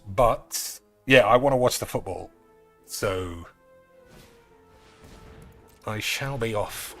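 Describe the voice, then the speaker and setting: A man's voice: fairly low pitch, takes it slowly, long pauses, faint music behind. A man chatting casually and swearing freely while streaming a card game. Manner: rambling, sweary, offhand. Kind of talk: casual live-stream chat while gaming.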